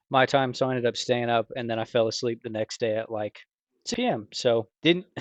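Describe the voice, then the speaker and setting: A man's voice: mid-range voice, no echo. A man talks casually over his gameplay in a loose, rambling way, full of fillers and restarts. His voice sits in a middle register. The recording is dull, lo-fi and dry, with no room sound. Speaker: gaming video creator.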